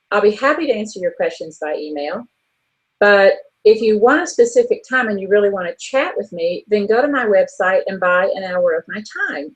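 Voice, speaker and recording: A woman with a slightly husky, breathy voice speaks at an ordinary middle pitch. She co-hosts an online business show and tells the story frankly and chattily, with a note of exasperation. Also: rough recording. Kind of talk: casual monologue telling a story.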